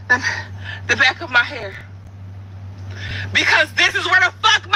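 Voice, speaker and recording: A crying, distraught woman, shouting and cursing as she tells what happened at a salon. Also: very high-pitched, expressive, moderate pace, long pauses, a little hiss or hum, rough recording. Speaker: salon customer in a viral clip.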